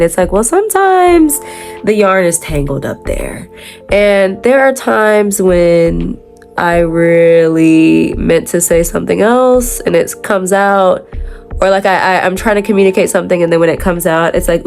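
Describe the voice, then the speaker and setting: A young adult woman chatting casually while doing her makeup, rambling with lots of fillers and self-corrections, slangy and quick to laugh. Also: fairly low pitch, animated, gravelly, darkish tone, soft background music. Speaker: makeup vlogger.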